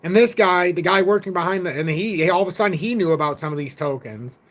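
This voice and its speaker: High-voiced man rambling on a livestream. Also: fast, fairly bright tone. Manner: rambling, blunt, swears, reads donations aloud. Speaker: crypto livestream host. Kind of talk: casual livestream chat.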